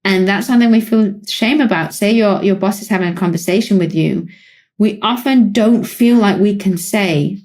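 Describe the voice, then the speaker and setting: A British woman with a British accent, a psychologist co-hosting a podcast, explaining calmly in relaxed conversation with light laughs. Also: mid-range voice, moderate pace. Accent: British English. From Britain. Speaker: psychologist co-host.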